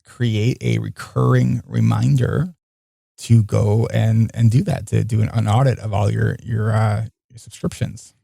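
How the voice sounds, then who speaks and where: Podcast host guy, gravelly voice, kinda rambly, lots of restarts. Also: lowish voice, level tone, measured pace, dark tone, no room sound, clean studio sound. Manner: rambling, restarts and self-corrects often. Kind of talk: casual chat.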